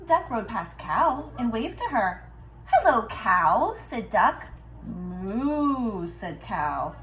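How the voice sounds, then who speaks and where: A woman reading a picture book aloud to children, expressive and talking to them directly. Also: on the high side, takes it slowly, slight background noise, rough recording. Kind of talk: children's story read-aloud.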